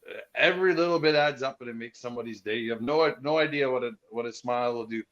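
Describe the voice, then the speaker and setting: Male guest, relaxed folksy talker, mid-pitched, slightly muffled recording. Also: quick pace. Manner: easygoing, folksy storyteller. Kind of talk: casual chat. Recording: dull lo-fi recording.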